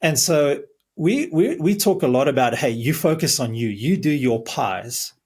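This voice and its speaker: A man's voice: a little high, big pitch swings, a little slow, a little mellow, slightly rough. A man who is a marriage coach, earnestly explaining advice in a podcast conversation. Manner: earnest, explaining, restarts words.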